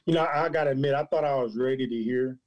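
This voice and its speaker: A man's voice: mid-range voice, fast talker, highs cut off. A man co-hosting an interview, speaking earnestly and searching for words. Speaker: co-host. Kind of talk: interview conversation.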